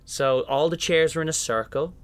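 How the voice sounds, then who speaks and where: Here a young Irish musical theatre performer speaks in a mid-range voice at an ordinary pace. His interview is casual, and he tells his stories with animation, doing the voices of everyone involved.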